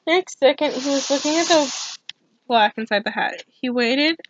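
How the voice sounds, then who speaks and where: A woman's voice: sits high, moderate pace, muffled recording, background noise. A woman giving an ASMR storybook reading, with casual asides between passages. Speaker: storybook reader.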